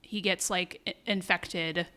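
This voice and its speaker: A woman co-hosting a podcast, recapping a series in casual chat with quick asides. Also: on the low side, fairly even intonation, pushed and bright. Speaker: podcast co-host.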